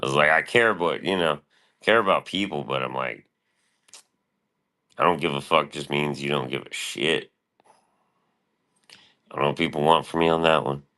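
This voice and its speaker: A man's voice: rumbling low, moderate pace, long pauses, pushed and bright. A middle-aged man streaming, talking in a profane, meandering, laid-back monologue. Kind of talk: casual rambling monologue.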